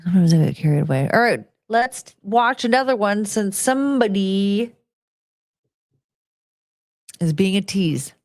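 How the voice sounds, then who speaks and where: A woman's voice: mid-range voice, expressive, a little slow, pauses often, a little mellow, no room sound, clean studio sound. A young woman hosting a casual livestream, chatty and rambling, slipping into baby talk with her dog. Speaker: livestream host.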